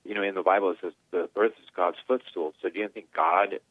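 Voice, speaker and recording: Male caller, very low voice, earnest rambler; phone-line audio. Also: steady tone, fast, no room sound. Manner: earnest, rambling, run-on sentences. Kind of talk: phone-in opinion.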